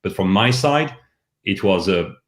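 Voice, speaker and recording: A man's voice: low voice, animated, unhurried. French-accented man, echoey room. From France. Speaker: guest. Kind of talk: casual live podcast chat.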